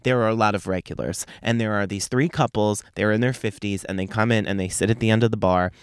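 A young man with a lowish, fairly even voice hosts a podcast, rattling off a brash, foul-mouthed comic story at a fast clip with laughter mixed in. His tone is clean and there's no echo.

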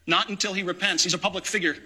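A man's voice: sits high, fairly even intonation, racing, bright, forceful tone. A man, a parish priest, preaching an impassioned, indignant sermon in a church.

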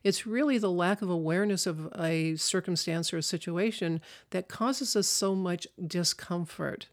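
A middle-aged minister hosting a spiritual podcast, speaking slowly and gently in a measured, reflective way and posing rhetorical questions. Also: medium pitch.

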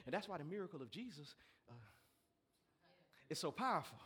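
A male pastor a sermon, reading scripture and breaking into lively asides to the congregation. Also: a little high, fairly quick, husky. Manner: animated preaching with asides to the congregation.

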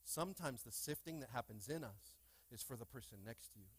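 A man preaching a lively sermon in a church, with call-and-response and playful asides to the congregation. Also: medium pitch, a little fast, slightly rough. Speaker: pastor. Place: church sanctuary.

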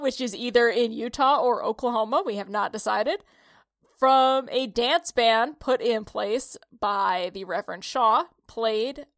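A woman's voice: on the high side, fairly bright tone, no echo, clean studio sound. A woman from upstate New York co-hosting a podcast, telling rambling stories with lots of laughs. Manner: giggly, rambling storyteller. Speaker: podcast co-host. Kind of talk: casual chat.

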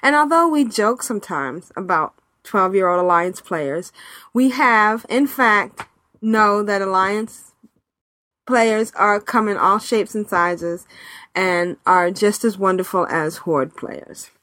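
A woman's voice: mid-range voice, slow pace, pushed and bright, dry recording. A woman co-hosting a casual gaming podcast, chatting, laughing often and reading out listener emails. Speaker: podcast co-host. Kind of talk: casual chat.

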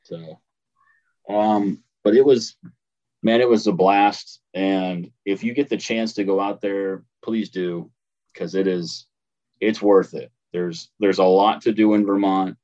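Slow and steady, a man in his thirties with a Midwestern American accent casually tells a travel story as a podcast co-host, laughing easily. His voice sits low with a dark tone, and the recording is muffled.

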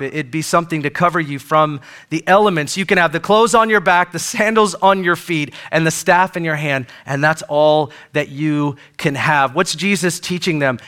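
Man, pastor, sermon, chatty and joking, high voice, bright tone. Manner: conversational, joking, asks the congregation questions. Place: church service.

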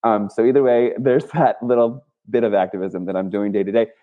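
A man's voice: lowish voice, fairly even intonation, a little fast. Man talking over a tinny phone line. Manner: rambling, with many fillers and restarts. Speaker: guest, activist and clothing maker. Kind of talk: casual interview talk.

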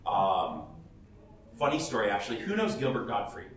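A man's voice: on the low side, big pitch swings, moderate pace, slight background noise. Blunt, laughing man giving panel advice, picked up from a distance in a big echoey hall with faint ambience. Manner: blunt, chatty, laughs often, restarts sentences. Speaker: professional cosplayer speaking at a panel. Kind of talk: casual advice talk to an audience.

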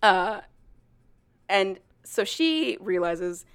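A woman talks loosely and animatedly in a casual podcast chat, her sentences packed with "like" and broken up by laughs. Her voice sits at an ordinary middle pitch. The sound is close and dry, with no room around it. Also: slow, clean tone, no room sound. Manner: animated, laughs often, full of "like". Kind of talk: casual chat retelling a story.

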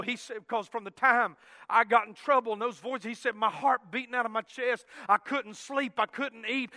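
A man preaching a sermon, telling a conversion story, swinging from loud emphatic peaks to hushed asides. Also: extremely high pitch, normal speed, dry recording, studio quality, long reverb tail.

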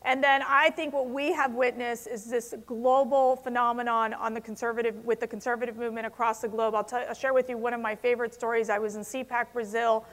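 A woman's voice: on the high side, little pitch movement, brisk, few pauses. A woman giving a passionate speech to a conference audience, stressing words hard. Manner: passionate, emphatic, rising to strong stresses. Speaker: conference speaker. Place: large convention hall. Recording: long hall reverb.

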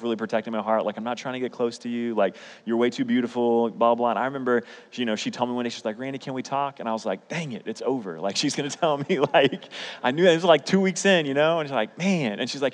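A young man preaching a sermon, telling personal stories in a casual, emphatic way. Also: mid-range voice. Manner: storytelling, conversational, emphatic. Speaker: pastor. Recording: hall reverb.

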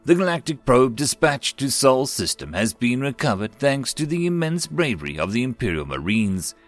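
A man's voice: medium pitch, big pitch swings, moderate pace, soft background music, lightly acted. A man voicing a gaunt male alien psychic who reports to a council in a thin, nasal, formal voice. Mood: grave.

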